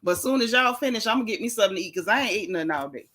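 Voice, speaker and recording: A woman's voice: medium pitch, animated, rapid-fire, hardly any pauses, a bit bright. A woman hosting a livestream podcast, ranting in a casual, exasperated and emphatic way with dramatic repetition. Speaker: podcast host.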